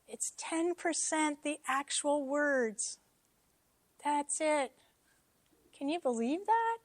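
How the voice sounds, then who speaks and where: A woman's voice: sits high, animated, slow pace, dry recording. A woman giving a casual, self-deprecating teaching talk to a church congregation, with joking asides. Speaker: church speaker.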